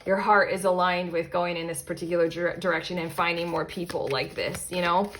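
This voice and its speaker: A woman's voice: fairly low pitch, fairly even intonation, a little fast, a bit bright, slight background noise. A woman giving a casual pick-a-card tarot reading to her viewers, rambling with fillers and stopping to correct herself. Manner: rambling, self-interrupting, frequent fillers and asides. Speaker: tarot reader.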